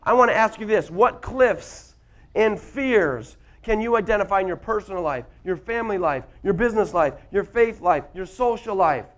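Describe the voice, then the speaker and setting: At a live workshop, a motivational speaker with a high, animated voice tells stories and puts questions to the audience. He speaks at a normal speed.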